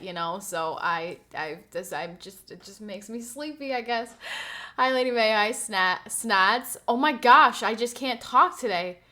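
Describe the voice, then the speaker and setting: A young woman with a mid-range voice streams live, chatting casually with viewers, venting gossip, and reacting animatedly to the chat.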